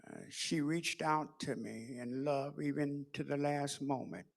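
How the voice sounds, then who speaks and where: A middle-aged man giving a sermon in a preaching cadence, moving from hushed storytelling to shouted peaks. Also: a little high, steady tone, measured pace, vocal fry. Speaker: pastor.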